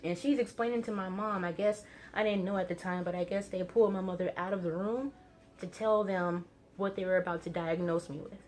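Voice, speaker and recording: A young woman casually telling a personal story to camera, with many fillers and quick excited bursts. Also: fairly low pitch. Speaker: vlogger.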